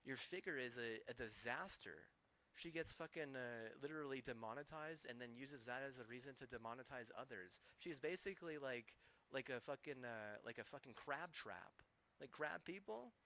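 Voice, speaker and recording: A man's voice: mid-range voice, normal speed, sharp tone. A man streaming, ranting angrily with heavy swearing and rambling, restarting sentences. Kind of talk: angry profane rant.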